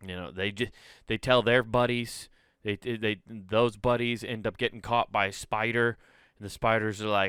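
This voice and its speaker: A man hosting his own comedy podcast, ranting casually with rambling, profane, animated talk. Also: lowish voice, normal speed, clean tone, no echo, clean studio sound.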